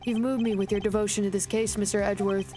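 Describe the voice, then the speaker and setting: A woman's voice: medium pitch, level tone, fast talker, warm tone, natural voice. Woman reading as a smug older male villain. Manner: condescending, calls his accuser boy. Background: game music.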